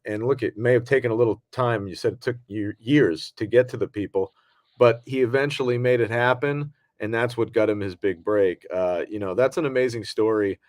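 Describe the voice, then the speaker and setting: A man's voice: mid-range voice, brisk, a little mellow, no room sound, clean studio sound. A man co-hosting a podcast, talking casually in a rambling way with many fillers and restarts. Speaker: podcast co-host.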